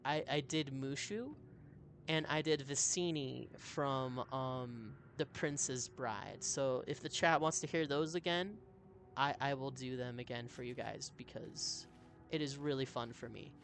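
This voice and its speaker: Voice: medium pitch, unhurried, a little hiss or hum. A streamer giving cheerful live commentary while playing a game and reading chat messages aloud. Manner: chatty, upbeat, reads chat aloud.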